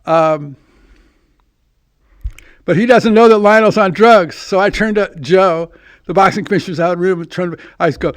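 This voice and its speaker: A man's voice: high-pitched, normal speed, long pauses, dry recording. A man telling a long story in casual chat, rambling and restarting as he acts out both sides of a conversation.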